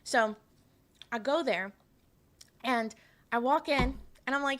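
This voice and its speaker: A young Canadian woman streaming tells a story to her chat in a high, slightly bright voice, speaking slowly and pausing often. She rambles and laughs, with plenty of fillers and restarts.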